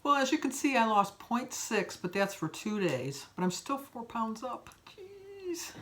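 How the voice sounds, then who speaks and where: A woman's voice: a little high, expressive, normal speed. A woman vlogger talking casually to her viewers in a rambling, chatty way. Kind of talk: casual vlog chat.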